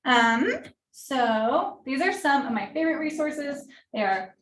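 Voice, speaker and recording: A woman's voice: high voice, expressive, a little slow, a little hiss or hum. A woman, an occupational therapist, gives an informal, friendly workshop talk to parents, full of fillers and asides. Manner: friendly, conversational, many fillers. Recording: roomy echo, distant mic.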